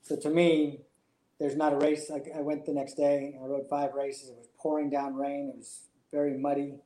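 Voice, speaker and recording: A man's voice: fairly high pitch, completely flat delivery, moderate pace, warm tone, roomy sound, rough recording. A man, a jockey, telling his story in an interview in a reflective, emotional way. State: choked up. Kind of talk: interview answers.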